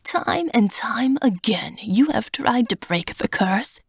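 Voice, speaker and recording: A woman voicing a cold, raspy old male dragon god in whispered role-play, with a taunting, contemptuous manner. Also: fairly high pitch, lively intonation, slow, dry recording, clean studio sound, full character voice.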